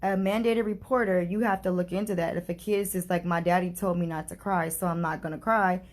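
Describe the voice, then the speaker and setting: Speaking a little fast in a fairly low, fairly even voice, a woman shares a heartfelt story about her grief as a mother in a casual vlog. She's earnest and chatty, leaning heavily on "like" and "you know."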